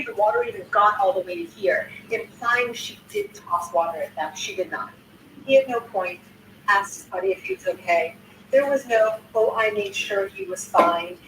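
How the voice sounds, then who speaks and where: A woman's voice: medium pitch, animated, normal speed, a bit bright, slight background noise. Older woman, indignant casual recap, cursing, roomy sound, a bit distant from the mic. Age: 60s. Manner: indignant, swearing, restarting sentences. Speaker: content creator. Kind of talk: casual recap of a news video.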